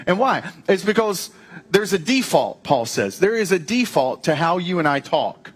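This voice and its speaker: A man preaching a sermon as pastor, in a conversational, animated way with playful asides. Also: high-pitched, normal speed, husky.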